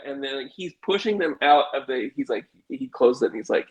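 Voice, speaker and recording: A middle-aged man telling a wild personal story in casual conversation, animated and acting out the voices of the people in it. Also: medium pitch, a little fast, few pauses, rough recording. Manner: animated, swearing, acts out quoted voices. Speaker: guest telling a life story.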